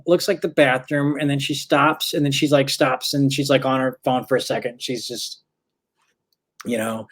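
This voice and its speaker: A male stand-up comedian from St. Louis spins a long anecdote in a loose, rambling podcast chat. He backtracks and corrects himself mid-sentence, then jumps into the voices of the people in the story. His pitch sits in the middle of the usual male range. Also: fairly bright tone. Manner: rambling, self-correcting, acts out quoted voices.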